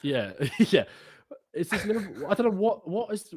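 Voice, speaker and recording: A man hosting a live fan podcast, excitable and laughing as he chats and plugs his channels. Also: high voice, moderate pace. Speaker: podcast host. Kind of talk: live casual fan chat.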